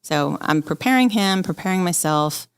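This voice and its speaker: A woman's voice: fairly low pitch, expressive, moderate pace, clean tone, no echo. A woman in her forties, an interview guest, telling her personal story openly and with feeling. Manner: candid, open, quotes people she talks to.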